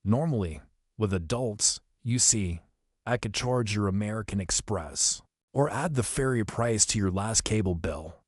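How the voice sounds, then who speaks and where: A silky, menacing ferryman of the dead with a British lilt and a trace of another mother tongue, as a male audiobook reader puts him on. He talks down sweetly with a cold edge, in a lowish voice. The sound is close and dry. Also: expressive, a little slow, no room sound. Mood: smooth. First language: not English. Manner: smooth, sweetly menacing, condescending. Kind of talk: audiobook character reading.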